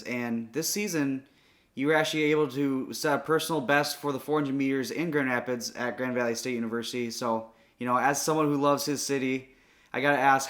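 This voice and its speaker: A podcast host with an ordinary mid-range male voice. He sets up each question with a little context and asks it in a measured, friendly tone. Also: medium pitch, fairly bright tone. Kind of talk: interview questions.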